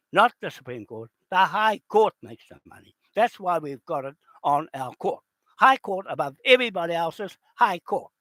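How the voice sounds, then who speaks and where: New man, furious swearing rant, slightly high voice, dry close sound. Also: no room sound. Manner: heated, swearing, accusatory, often shouting. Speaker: video host. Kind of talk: unscripted angry rant.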